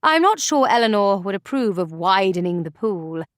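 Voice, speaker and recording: A woman voicing a measured, indulgent male book editor in a storybook reading. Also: mid-range voice, sing-song, dry recording, clean studio sound, close to an everyday voice. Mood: musing.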